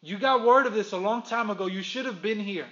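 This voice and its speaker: A man's voice: high voice, brisk, a bit bright, lo-fi sound. A man voicing a grieving woman pleading. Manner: reproachful, pleading questions.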